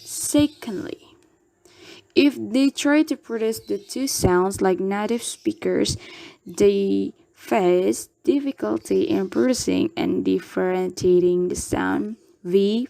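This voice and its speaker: A woman's voice: mid-range voice, animated, takes it slowly, gravelly, mellow, dry recording. A young adult woman from Indonesia reading a class presentation as a university student, carefully saying each example word twice.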